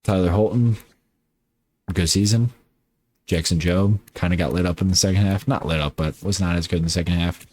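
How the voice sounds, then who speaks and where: A man's voice: low-pitched, fairly even intonation, brisk, a little mellow. A man casually talking through his baseball video game season, rambling and correcting himself as he goes. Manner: rambling, self-correcting, offhand. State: tired. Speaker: gaming YouTuber.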